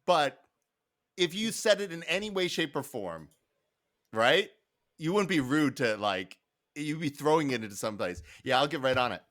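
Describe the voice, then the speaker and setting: A man's voice: on the high side, sing-song, a little slow, pauses often, fairly bright tone, dry recording, studio quality. A man from Detroit co-hosting a podcast in casual chat, telling anecdotes emphatically and laughing as he goes. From Detroit, United States.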